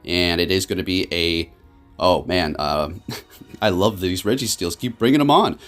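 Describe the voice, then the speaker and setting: Faint music plays behind a low-pitched man commentating live on his own matches for his gaming channel. He's excitable, swinging fast from frustration to laughter.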